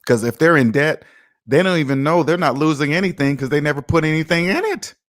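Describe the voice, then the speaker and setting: A man with a somewhat high, slightly bright voice hosts a personal finance livestream, speaking briskly and expressively. Casual but emphatic, he lectures viewers in a preachy way and reads their comments aloud.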